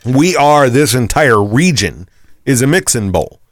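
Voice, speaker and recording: A man co-hosts a casual podcast in an easygoing, agreeable way, with the odd curse. His voice sits at a middle pitch and is recorded close and dry. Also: very animated, unhurried, no echo. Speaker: podcast co-host. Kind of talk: casual chat. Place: room near Woodbridge, Virginia.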